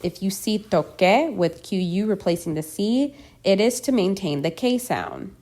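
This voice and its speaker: Slow, measured woman teaching pronunciation. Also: mid-range voice, lively intonation, darkish tone. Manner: measured, deliberate, enunciating each example word. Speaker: language teacher. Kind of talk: scripted pronunciation lesson.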